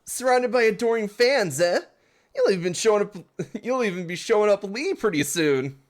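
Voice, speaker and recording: A man voicing a brash, mocking male street-gang thug in a put-on rough British accent. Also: high voice, expressive, normal speed, pitched above the performer's own voice. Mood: taunting. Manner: taunting, swaggering.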